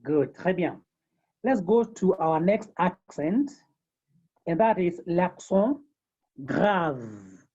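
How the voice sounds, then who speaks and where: Lady teaching french online, repeats every word, husky voice, muffled call sound. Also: lowish voice, sing-song, mellow. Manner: slow, repeats each term several times. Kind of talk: online language lesson. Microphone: video call.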